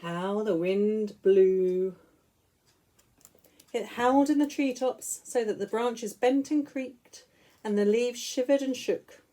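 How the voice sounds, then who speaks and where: A woman teacher reading picture books aloud to young children in an expressive, sing-song way. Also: on the high side, slow. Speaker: school teacher.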